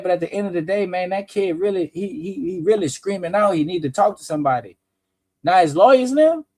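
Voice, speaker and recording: A man hosting a casual commentary show, talking in an animated, profane way that often rises to shouts. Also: sits high, no echo. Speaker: host.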